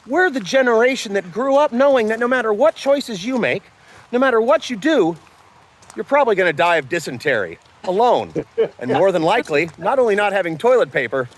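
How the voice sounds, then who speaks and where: A woman's voice: mid-range voice, animated, a little fast. A woman delivering a scripted comedic monologue in a mock-official, announcer-like manner over a video call. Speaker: comedian presenting a character bit.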